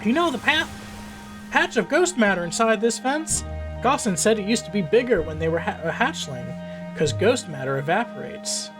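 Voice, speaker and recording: A man voicing an excitable young alien kid from a village, in a squeaky put-on voice with an odd accent. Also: moderate pace, over music. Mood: excited. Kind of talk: reading game dialogue aloud.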